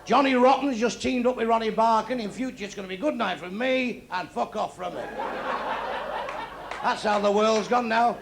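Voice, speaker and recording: A man's voice: sits high, normal speed, creaky. A middle-aged man doing blunt, crude stand-up comedy on a club stage. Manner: blunt, crude, deadpan delivery. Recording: echoey club with crowd noise.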